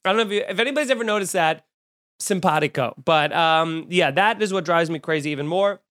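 A man's voice: fairly high pitch, fast talker. A man hosting a podcast, ranting with jokes and swearing in casual chat. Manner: animated, profane, joking rants. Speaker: podcast host. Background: eating and drinking at the mic.

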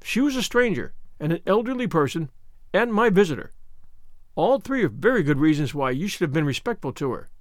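A man's voice: fairly high pitch, big pitch swings, fairly quick, no echo. A man doing a stern dry spinster. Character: stern dry middle-aged spinster woman.

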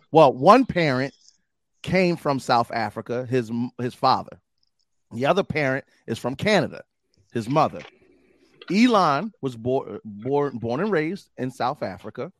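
A young adult man hosting a podcast in casual chat, animated and hype with plenty of slang. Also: medium pitch, unhurried, no echo. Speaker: podcast host.

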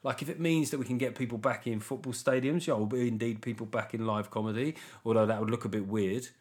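A man's voice: mid-range voice, steady tone, quick pace. A middle-aged British man hosting a podcast, ranting wryly with plenty of fillers and restarts. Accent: British English. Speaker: podcast host, comedian. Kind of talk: casual solo podcast chat.

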